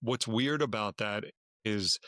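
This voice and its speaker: A man's voice: lowish voice, slow, dry recording. A man from the Washington, D.C. area co-hosting a casual podcast, telling stories and acting out the people he quotes. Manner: storytelling, animated when quoting others. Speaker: podcast co-host.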